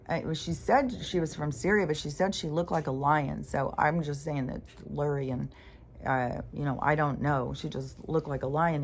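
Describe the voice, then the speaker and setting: Low-voiced woman rambling profanely. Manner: meandering, profane, full of fillers and restarts. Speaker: spiritual vlogger. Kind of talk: rambling casual monologue.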